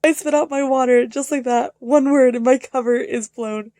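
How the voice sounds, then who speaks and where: Young woman rambling about a book for her vlog, high voice, lots of likes and ums, dry close sound. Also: moderate pace, hardly any pauses, dry recording. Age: young adult. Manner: chatty, excitable, filler-heavy, swings between hushed and loud. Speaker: book vlogger. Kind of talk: casual reading vlog chat.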